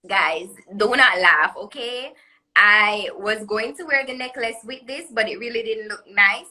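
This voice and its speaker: Caribbean woman designer, bright crisp tone, chatty and promotional, live stream call audio. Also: mid-range voice, unhurried, rough recording. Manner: chatty, laughs often, promotional. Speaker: jewelry designer guest. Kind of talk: live social media interview. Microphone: phone or webcam on live video call.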